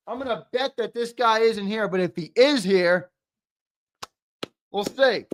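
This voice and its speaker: High-voiced man bantering loudly with viewers. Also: normal speed. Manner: profane, teasing, loud banter. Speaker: host. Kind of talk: casual livestream chat.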